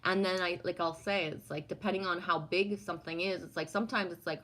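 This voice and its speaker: A woman with a fairly low voice chats loosely with her livestream viewers and reads their messages aloud. She rambles from one story to the next and swears freely along the way. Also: fairly even intonation, brisk, few pauses, fairly bright tone. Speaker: livestream host reading chat. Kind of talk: casual chat.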